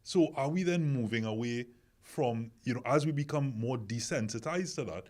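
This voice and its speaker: A man's voice: medium pitch, lively intonation, normal speed, a little mellow. A man hosting a podcast discussion, asking questions and pressing his point with repeated words. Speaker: podcast host. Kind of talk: casual discussion.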